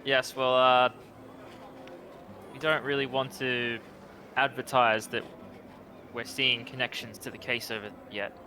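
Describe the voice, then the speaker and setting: A man's voice: medium pitch, flat delivery, measured pace, long pauses, noisy background. A man playing a tabletop game, speaking hesitantly in character with stumbles. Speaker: player.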